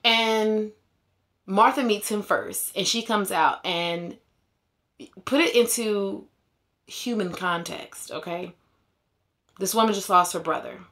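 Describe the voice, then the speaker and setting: A woman's voice: mid-range voice, slow, long pauses, a bit bright. A woman giving a casual Bible retelling, paraphrasing in slangy everyday speech with conversational asides and frequent laughter. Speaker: Bible teacher.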